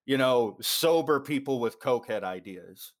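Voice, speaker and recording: A man's voice: mid-range voice, animated, moderate pace. A man co-hosting a podcast, rambling in casual chat with fillers and swearing. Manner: rambling, profane, lots of fillers.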